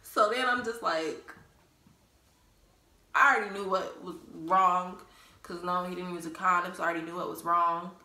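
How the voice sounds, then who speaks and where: A woman's voice: fairly low pitch, fairly even intonation, moderate pace, long pauses, bright, forceful tone. A young woman telling a personal story in a casual, blunt way, cussing freely and laughing at herself. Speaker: vlogger. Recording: roomy echo.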